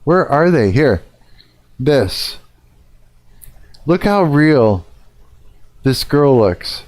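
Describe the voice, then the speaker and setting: A man's voice: medium pitch, big pitch swings, extremely slow, darkish tone, dry recording. A middle-aged man ranting casually on a live stream, swearing a lot and rambling with fillers.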